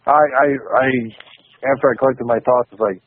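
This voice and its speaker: A man's voice: mid-range voice, fairly quick. Self-mocking man on a lo-fi podcast. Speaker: podcast co-host. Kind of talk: casual chat.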